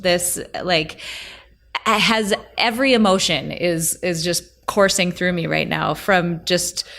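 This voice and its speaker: A woman's voice: lowish voice, a bit bright. A woman hosting a podcast interview, gushing and enthusiastic toward her guest. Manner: gushing, enthusiastic, says oh my gosh. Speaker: podcast host.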